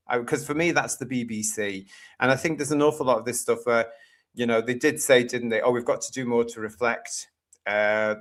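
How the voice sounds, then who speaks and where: A man's voice: mid-range voice, fairly bright tone. Man from the uk, live-stream host, reads viewer comments, exasperated, sarcastic. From United Kingdom.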